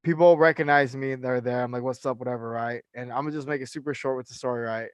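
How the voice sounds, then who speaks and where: A man's voice: mid-range voice, fast, smooth, dry recording. A young man from California, a personal trainer, telling a story in casual podcast chat with lots of fillers and swearing. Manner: animated storyteller, profane, many fillers.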